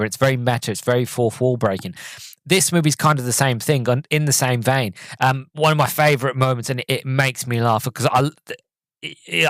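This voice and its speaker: A man in his twenties hosting a casual solo podcast, reviewing a movie in a rambling, animated way with lots of restarts and sudden jumps in pitch. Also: no room sound. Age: 20s. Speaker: podcast host.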